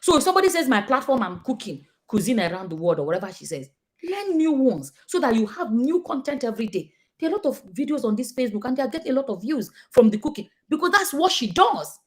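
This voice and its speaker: A woman's voice: high voice, very animated, fast talker, darkish tone. A woman with a Nigerian accent giving casual, emphatic commentary to her viewers, acting out the people she quotes. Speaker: vlogger.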